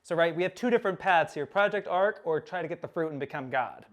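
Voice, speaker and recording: A young man giving a casual recap lecture, animated, acting out characters' lines with sudden loud outbursts. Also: a little high, quick pace.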